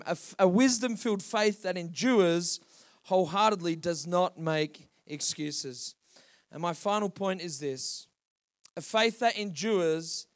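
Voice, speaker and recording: High-voiced male pastor preaching. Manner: preaching with rising calls to the congregation. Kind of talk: sermon.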